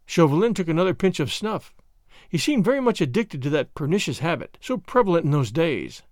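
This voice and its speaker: A man narrating a classic novel in an expressive storybook reading, recorded close to the microphone. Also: a little high, fairly quick, dry recording. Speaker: audiobook narrator. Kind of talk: scripted narration.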